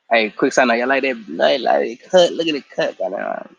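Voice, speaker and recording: Man, tired, mid pitch; loose, profane recap with quick character lines thrown in. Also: lively intonation, gravelly, muffled recording. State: tired after a work shift. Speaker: show recap vlogger. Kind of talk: casual episode recap.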